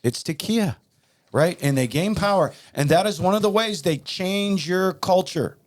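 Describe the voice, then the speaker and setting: A man's voice: high-pitched, expressive, a little slow. A man hosting a talk show, preaching in a heated, emphatic and repetitive way. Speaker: podcast host.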